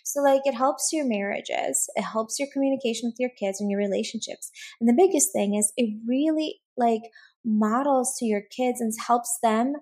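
Husky earnest woman coaching parents. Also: a little high, normal speed. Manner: earnest, animated, many "like"s and "right?". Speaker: podcast guest, parenting coach. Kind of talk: conversational interview.

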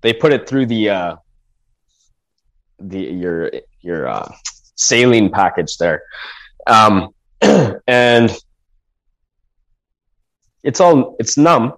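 A man with a fairly low voice tells a personal story in a loose, conversational way. He stumbles and restarts sentences, and breaks into quoted lines of dialogue. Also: very animated, drawn-out words, pauses often, fairly bright tone. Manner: rambling, with restarts, acting out quoted speech.

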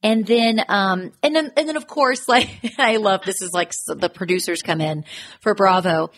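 A woman co-hosting a casual podcast, retelling scenes with lively acted-out quotes and frequent swearing. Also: medium pitch, moderate pace, a little hiss or hum. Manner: animated storytelling, acting out quotes, swears freely. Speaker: podcast co-host. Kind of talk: casual chat recapping reality TV.

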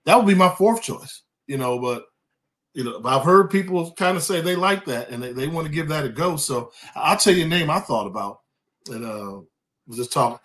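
A man from California, a former college quarterback, talking sports as a guest in a casual chat, lively and quick to repeat himself when starting a thought. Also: on the high side.

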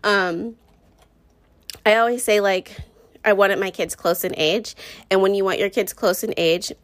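A woman's voice: medium pitch, steady tone, a little slow, no room sound. A young woman hosting a casual solo podcast, rambling through stories with many fillers, tired and a little out of breath. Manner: rambling, filler-heavy storytelling. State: tired, catching her breath. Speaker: podcast host.

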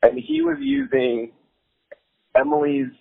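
A young man telling a casual anecdote, animated, laughing often and swearing casually, with many "like" fillers. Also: very high-pitched, slow, vocal fry, breathy edge, no room sound. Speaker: storyteller. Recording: phone-like line with faint music.

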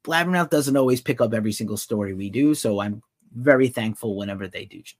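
A man's voice: mid-range voice, quick pace, no room sound, clean studio sound. A man hosting a live rock and metal news podcast, chatting loosely and reacting to viewer comments as he goes. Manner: loose, rambling, reads chat comments aloud. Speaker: podcast host. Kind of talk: casual live news show chat.

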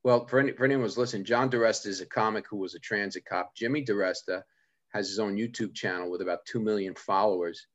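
Man, podcast host, casual rambling storyteller, low voice, muffled lo-fi sound. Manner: rambling storyteller, quick asides. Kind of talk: casual chat.

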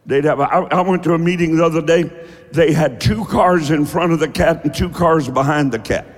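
A man preaching a sermon, emphatic and folksy, often breaking into shouts. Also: fairly high pitch, a little fast, big-room sound. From rural American South. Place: church.

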